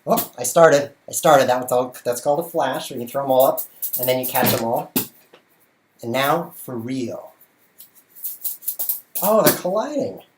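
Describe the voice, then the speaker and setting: With faint music behind him, a chess streamer and show host speaks in a mid-range voice with lively intonation at normal speed. He's livestreaming casually from his bedroom at home, jokey and playful, talking through his juggling as he does it.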